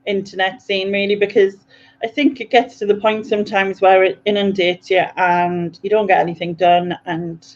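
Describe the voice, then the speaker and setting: A woman's voice: medium pitch, little pitch movement, normal speed. A woman joins a video-call chat as a guest, her audio a bit dull and muffled. She giggles easily and pokes fun at herself. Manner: giggly, self-deprecating. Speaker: guest podcaster. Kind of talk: casual chat.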